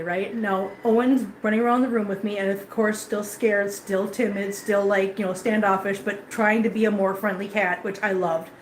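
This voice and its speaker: A woman vlogger who runs a cat rescue, telling a story to her viewers in casual, emotional, chatty talk from an indoor cat room. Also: medium pitch. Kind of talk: casual live-stream chat to viewers. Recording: echoey room with faint ambient noise.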